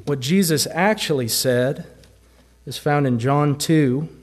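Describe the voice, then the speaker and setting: A man's voice: fairly high pitch, slow pace. A man preaching a sermon with a Southern American accent, using rhetorical questions and emphatic repetition. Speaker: pastor.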